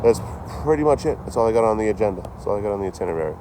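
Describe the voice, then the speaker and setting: A man's voice: fairly low pitch, expressive, rapid-fire. Profane, rambling man streaming outdoors. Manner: rambling, profane, laughs at his own jokes. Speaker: traveling livestreamer. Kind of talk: casual livestream chat. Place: outdoors by a rail yard office. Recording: outdoor street noise. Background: traffic and street noise.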